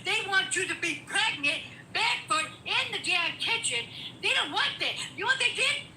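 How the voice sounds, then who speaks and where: A woman's voice: extremely high pitch, animated, moderate pace, bright, forceful tone, a little hiss or hum. A middle-aged woman arguing politics heatedly, swearing and talking over the other person. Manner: angry, profane, emphatic, talks over the other speaker. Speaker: guest in a political debate. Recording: echoey room.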